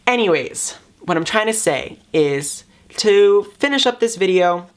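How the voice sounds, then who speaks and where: A man's voice: high-pitched, expressive, unhurried, clean tone. Young man, hesitant, falsely upbeat vlog. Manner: hesitant, many fillers, upbeat on purpose. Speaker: YouTuber. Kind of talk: casual vlog talk.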